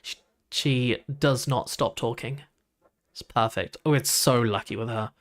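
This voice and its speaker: A man's voice: mid-range voice, unhurried. Chatty young man, rambling. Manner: chatty, rambling, many likes and restarts. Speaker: streamer reacting to videos. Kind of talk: casual reaction chat.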